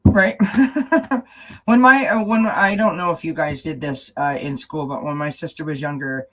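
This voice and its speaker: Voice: medium pitch, a little slow, poor audio. A host of a tarot chat stream reading oracle cards in a casual, rambling way. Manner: rambling and warm-hearted, with many fillers.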